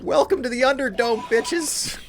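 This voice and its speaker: A man putting on a goofy, high-pitched young slacker voice while streaming a game. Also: measured pace. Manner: high, drawling surfer-style voice. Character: laid-back goofy young male slacker dude. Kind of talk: streamer doing a character voice while playing.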